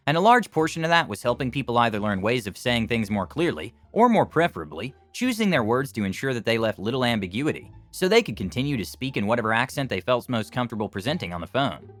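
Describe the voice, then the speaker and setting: A man's voice: mid-range voice, big pitch swings, fast, hardly any pauses, fairly bright tone, soft background music. A man reading reader-submitted stories aloud as scripted narration.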